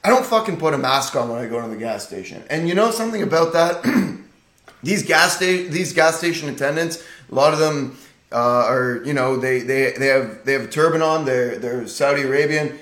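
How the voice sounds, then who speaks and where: A man's voice: medium pitch, moderate pace, fairly bright tone. A man co-hosting a podcast, rambling in casual chat, repeating himself and swearing constantly. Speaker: podcast co-host. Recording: roomy echo.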